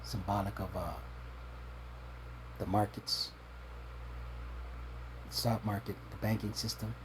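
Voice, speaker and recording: A man with a low voice delivers a scripture teaching, reading verses and explaining them point by point. He keeps asking "right?" and stumbles through repeated words while he thinks. Faint background noise sits under his voice. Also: steady tone, unhurried, long pauses. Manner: tags points with a questioning "right?"; restarts and repeats words when searching for them. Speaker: religious teacher.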